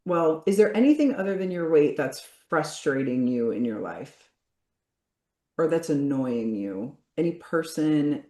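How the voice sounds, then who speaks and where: A woman coach leading a group session over a video call, blunt and energetic, swearing casually. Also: low voice, roomy sound.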